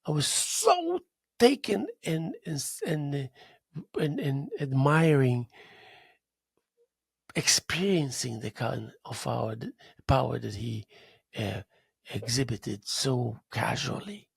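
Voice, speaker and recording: A man hosting a talk show, telling a story in a casual monologue with animated delivery and spoken drum sounds. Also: medium pitch, takes it slowly, creaky, pauses often, slightly rough, no room sound, studio quality.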